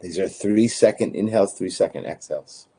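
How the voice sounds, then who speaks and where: A man guiding a breathing practice, calmly counting breaths and giving short instructions. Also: low-pitched, fairly quick, breathy edge. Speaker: breathwork guide.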